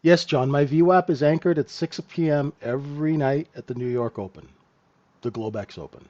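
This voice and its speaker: A man's voice: on the high side, moderate pace, a little mellow, muffled recording. A man hosting a live trading lesson, talking casually and checking in with "right?" after many points. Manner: conversational, keeps asking "right?". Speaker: trading room host and trainer.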